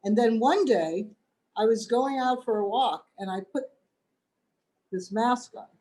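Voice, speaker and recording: A woman's voice: fairly high pitch, unhurried, dark tone. Dry-witted older woman doing stand-up. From United States. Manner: dry, wry delivery with acted-out quotes. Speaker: stand-up comedian. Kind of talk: stand-up routine over video call. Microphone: video call.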